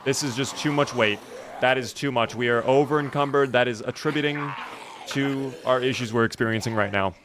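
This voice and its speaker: A man streaming a game live, commenting in an animated, jokey way and talking to his chat. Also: mid-range voice, a little fast, noisy background.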